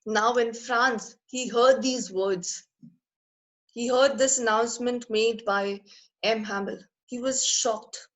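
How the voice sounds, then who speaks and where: A woman's voice: fairly high pitch, fairly even intonation, takes it slowly, rough recording. A woman teacher explains a text line by line, repeating and rephrasing each point as she goes.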